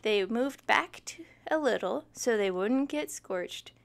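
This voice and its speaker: A woman reading a children's picture book aloud, expressive and adding sympathetic asides. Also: on the high side, takes it slowly, gravelly. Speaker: storytime reader.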